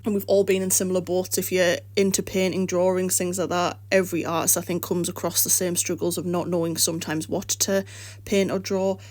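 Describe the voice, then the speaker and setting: A woman's voice: on the low side, darkish tone, dry recording. A rambling woman with a flu-worn voice. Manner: rambling, encouraging. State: coming down with flu, voice going. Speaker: art channel host. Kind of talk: casual voice-over chat. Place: home art studio.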